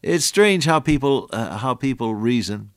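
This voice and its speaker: A man's voice: mid-range voice, expressive, moderate pace, no echo, clean studio sound. An older man preaching an earnest radio sermon, his voice rising and dropping in volume for emphasis.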